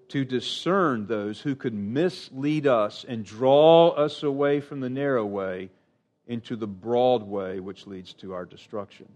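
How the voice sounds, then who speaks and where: Earnest and emphatic, a middle-aged preacher delivers a sermon with abrupt pitch rises and lines that fade quietly away.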